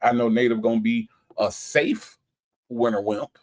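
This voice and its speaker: A laid-back man from Florida hosts a casual livestream chat, reading viewer comments aloud. His medium-pitched voice moves at a measured pace, and he's chatty and playful, often repeating himself.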